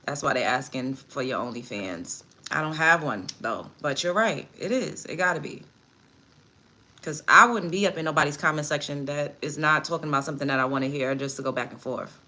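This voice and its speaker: Doing her makeup at home on a livestream, a woman reads chat comments out loud and answers them with blunt, profane indignation. She speaks briskly in a deep voice with a bright, forceful tone.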